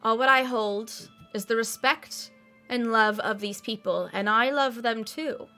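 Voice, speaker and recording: A woman's voice: on the high side, measured pace, sharp tone, soft background music. A woman voicing a tall, strong half-elf woman who leads a town, guarded and blunt.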